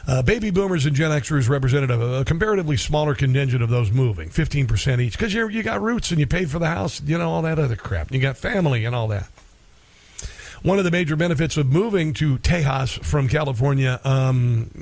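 A man's voice: fairly high pitch, expressive, fairly quick, gravelly, a little mellow, no echo. A middle-aged man hosting talk radio in a rambling, folksy monologue full of fillers.

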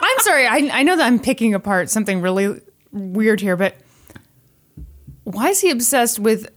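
High-pitched, animated woman podcast co-host. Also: normal speed. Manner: reacts with gasps and laughter, asks questions. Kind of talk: casual chat.

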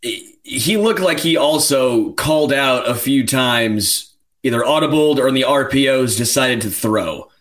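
A man's voice: medium pitch, unhurried, fairly bright tone. A man co-hosting a sports podcast, incredulous and searching aloud for explanations. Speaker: podcast co-host. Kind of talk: casual sports podcast discussion.

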